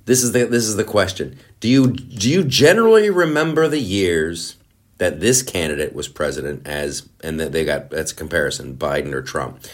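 A man's voice: sits low, lively intonation, moderate pace. A male host rambling through a casual, sarcastic comedic monologue, with many restarts. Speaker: show host.

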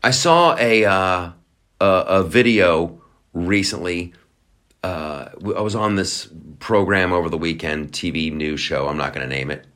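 A man's voice: sits low, measured pace, a bit bright. A man hosting a podcast, ranting in a mocking, profane comedic commentary. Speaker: podcast host.

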